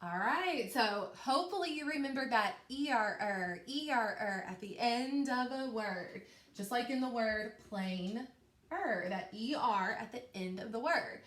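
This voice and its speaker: A woman teacher giving a patient, encouraging phonics lesson to young children, speaking clearly and slowly. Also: a little high, expressive, a bit bright. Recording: echoey room.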